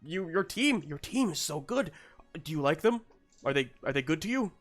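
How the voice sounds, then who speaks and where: A man's voice: a little high, big pitch swings, a bit bright, faint music behind, pitched above the performer's own voice. A man voicing a sentimental older male mentor who stammers fondly through his words. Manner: halting, stammering, affectionate.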